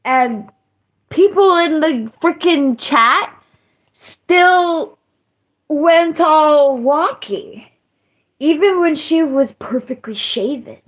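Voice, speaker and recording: A woman live streamer chatting casually to her viewers. She rambles loosely, mocks herself and breaks into squeals and yells. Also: high-pitched, lively intonation, very slow. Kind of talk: casual livestream chat.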